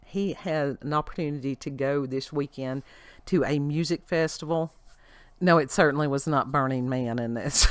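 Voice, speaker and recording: A woman's voice: low voice, dry recording. A middle-aged woman with an Appalachian mountain accent, hosting a casual vlog and talking earnestly and folksily straight to her viewers. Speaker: host.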